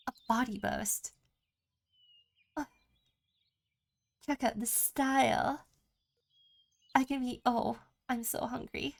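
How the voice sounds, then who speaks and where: A woman's voice: fairly high pitch, vocal fry. A woman streaming a game, chatting casually with her chat and listing what she can do. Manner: chatty, reads chat aloud, lists options. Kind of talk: casual chat while gaming.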